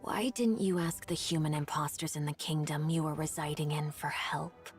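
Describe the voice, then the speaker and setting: A cryptic, unhuman advisor speaks in a deep, deadpan murmur, voiced by a woman. This is game voice acting, level and knowing. Faint music sits underneath. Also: normal speed, natural voice. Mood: cool, probing. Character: calm, cryptic female Rapture advisor.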